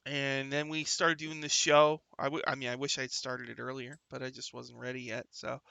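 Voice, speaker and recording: A man's voice: medium pitch, level tone, moderate pace, vocal fry, bright, forceful tone, clear, resonant tone, no echo. A man hosting a livestream talk show, chatting casually and rambling, with lots of fillers and restarts, sometimes reading viewer comments aloud. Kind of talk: casual chat.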